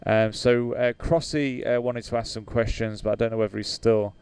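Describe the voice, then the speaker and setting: A man from the UK hosts a casual flight sim livestream. His voice is smooth and clear, and he sits at a middle pitch. He fills his talk with ums and uhs, reads viewer comments aloud and laughs easily. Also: level tone, moderate pace, a little mellow, no echo. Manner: hesitant, many fillers, reads out chat, laughs easily.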